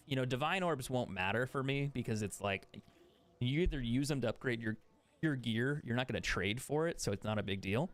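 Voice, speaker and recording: A man's voice: mid-range voice, lively intonation, a little fast. Laid-back swearing gaming streamer guy. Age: adult. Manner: laid-back, swears often, laughs at himself. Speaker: game streamer. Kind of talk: casual chat while gaming.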